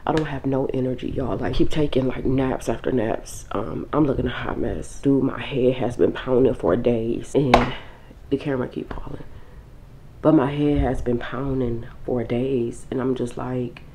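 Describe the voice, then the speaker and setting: Young woman vlogger with a very low voice, sick and run-down, casual and tired. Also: moderate pace, mellow, slight background noise, rough recording. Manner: tired, informal, talks straight to viewers. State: sick with flu, weak and drained. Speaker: vlogger and mother. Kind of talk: casual vlog chat.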